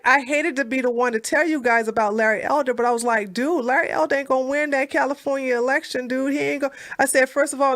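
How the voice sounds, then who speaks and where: A woman's voice: sits high, a bit bright, no room sound, clean studio sound. A woman ranting on a casual political live stream, blunt, profane and mocking, who often repeats herself. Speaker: political commentator on a debate stream.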